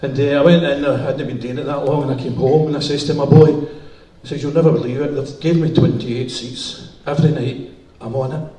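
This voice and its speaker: A man's voice: mid-range voice, fairly even intonation, fairly quick, few pauses, dark tone. A middle-aged man with a Glaswegian Scottish accent, doing stand-up comedy with bawdy, swearing stories in a music hall. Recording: roomy hall from far off.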